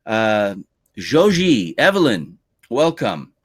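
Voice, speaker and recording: A man's voice: on the low side, very animated, slow pace, breathy edge. A male lead trainer hosting a live-stream webinar, upbeat as he reads out viewer names one by one and welcomes them.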